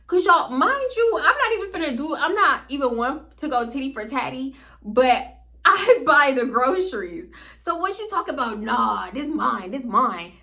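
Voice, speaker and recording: A woman with a bright, forceful, slightly high voice tells a wild storytime to camera. She is animated and laughing, talking straight to her viewers as if they were friends, in a loose, casual monologue. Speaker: vlogger.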